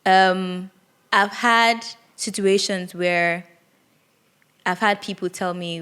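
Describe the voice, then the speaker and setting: A woman's voice: mid-range voice, steady tone, takes it slowly, pauses often, fairly bright tone, smooth. A young woman, hosting a solo podcast and reflecting candidly aloud, with frequent restarts. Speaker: podcast host.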